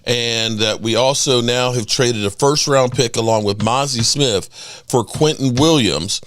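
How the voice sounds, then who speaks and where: A man hosting a casual live sports stream, excitable and often restarting his words. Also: medium pitch, unhurried. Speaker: sports channel host.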